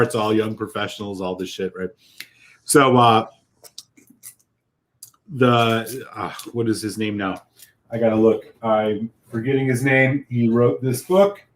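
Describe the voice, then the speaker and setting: A man co-hosting a casual whisky chat, telling a heartfelt, rambling story with lots of fillers. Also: mid-range voice. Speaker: whisky podcast co-host.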